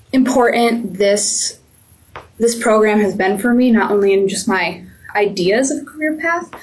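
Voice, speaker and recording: A young adult woman, a media program intern, giving a casual spoken reflection with many pauses and ums. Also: medium pitch, poor audio. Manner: hesitant, with many ums and restarts.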